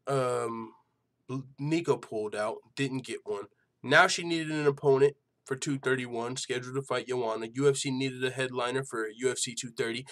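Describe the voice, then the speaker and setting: A man's voice: medium pitch, fairly bright tone. A man hosting an MMA news channel in casual chat, swearing freely and laughing often. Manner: loose and profane, laughs a lot, lots of fillers.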